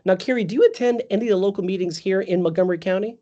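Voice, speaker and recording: Brief: upbeat male sales trainer, slightly high voice, lo-fi video call audio. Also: racing. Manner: energetic, conversational, calls on trainees by name. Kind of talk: live virtual sales training.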